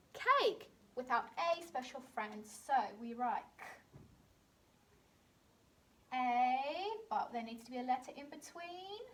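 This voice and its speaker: A woman with a British accent teaching a phonics lesson to young children, sounding out words clearly and slowly. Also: sits high. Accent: British English. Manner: slow, clearly sounded-out words with bright emphasis. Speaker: primary school teacher.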